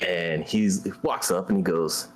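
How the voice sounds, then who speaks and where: A man's voice: deep voice, measured pace. A man hosting a gaming stream, telling a story in a blunt, profane, conversational way. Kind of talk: casual storytelling while gaming.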